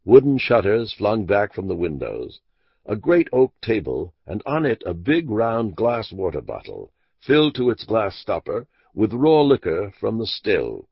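Gravelly male audiobook narrator. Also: fairly low pitch, no echo. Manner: measured, expressive storytelling. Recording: dull dry lo-fi audiobook recording.

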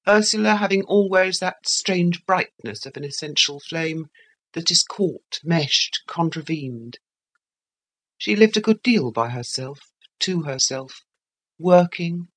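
A woman reading a classic novel as an audiobook narrator, in a measured literary manner. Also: on the low side.

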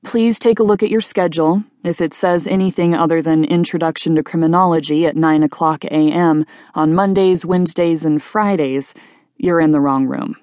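A woman's voice: low voice, fairly even intonation, moderate pace, darkish tone, dry recording, lightly acted. A woman voicing a middle-aged male college professor with a dry, wry teacherly delivery. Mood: formal.

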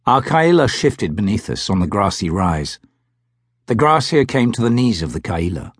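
A man narrating a first-person audiobook with a very lively pitch range and a husky, breathy tone. The read is measured and expressive, recorded close and dry. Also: dry recording.

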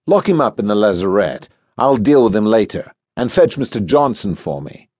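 A man's voice: on the low side, very animated, normal speed, a little mellow, no echo, clean studio sound. A man voicing a brusque ship captain who gives short, impatient orders to his crew. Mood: commanding. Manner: curt, commanding.

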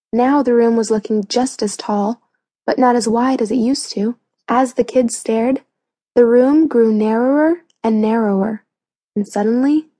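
A woman narrating a children's audiobook in a clear, even storytelling manner on a close mic. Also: on the high side, no room sound.

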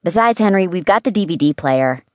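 A woman reading an audiobook, voicing an eager, excitable young girl in a high voice. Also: brisk, no room sound, close to an everyday voice. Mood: eager girlish. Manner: excited and wide-eyed.

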